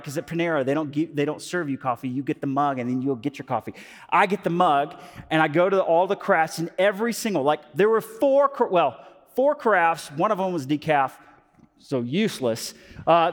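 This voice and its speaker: A male pastor giving a sermon, telling stories in an animated way with lots of fillers, moving between loud and hushed. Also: a little high. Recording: long hall reverb.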